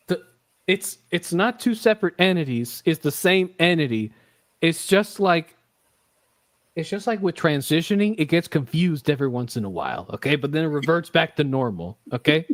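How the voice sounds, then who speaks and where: A man hosting a casual podcast, rambling and joking with lots of swearing. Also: a little high. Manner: rambling, profane and jokey. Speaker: podcast host.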